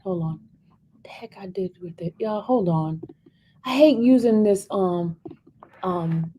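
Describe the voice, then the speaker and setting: A woman hosting a casual livestream, chatting excitably with her viewers and repeating herself often. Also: fairly low pitch, a little hiss or hum. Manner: addresses the audience as "y'all" often. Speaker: livestream host.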